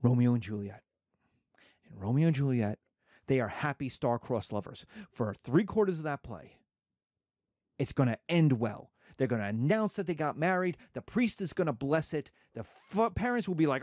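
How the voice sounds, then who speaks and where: A man in his fifties giving a classroom lecture, animated and jokey, with digressions along the way. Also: on the high side, normal speed, dry recording, studio quality. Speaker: teacher.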